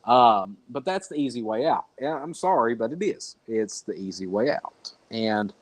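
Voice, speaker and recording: A man's voice: medium pitch, animated, moderate pace, no echo. A man telling a long story as a podcast guest over a remote call, talking bluntly with a rambling flow and the odd swear word. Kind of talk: casual storytelling interview.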